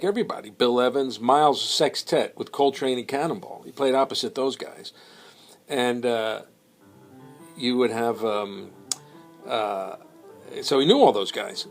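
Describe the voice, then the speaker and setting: A man casually telling a long anecdote, rambling with many fillers and slipping into quoted voices. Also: medium pitch. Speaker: storyteller.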